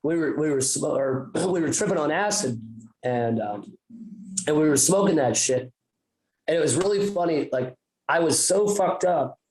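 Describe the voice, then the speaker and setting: A man's voice: fairly high pitch, animated, moderate pace, darkish tone, reverberant, rough recording. A man co-hosting a podcast, telling a rambling, profane story full of restarts and filler words. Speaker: podcast co-host. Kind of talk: casual chat.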